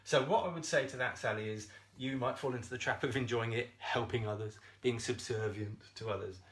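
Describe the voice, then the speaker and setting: A man coaching viewers on a live stream, animated and talking straight to them, swearing freely and laughing often. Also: medium pitch, fairly quick. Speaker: self-esteem coach.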